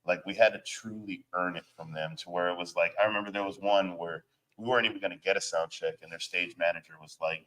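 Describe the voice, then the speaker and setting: A man with a fairly low voice tells road stories from his band's early days as a guest. His talk is loose and casual, thick with swearing and filler words, and he rambles through anecdotes. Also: fairly even intonation, fast, sharp tone, low-quality recording. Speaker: band member, interview guest. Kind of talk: casual storytelling chat.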